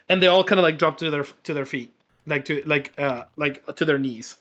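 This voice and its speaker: A man's voice: fairly high pitch, a little fast, sharp tone, muffled recording. A man narrating a tabletop game as game master, rambling with lots of fillers and restarts.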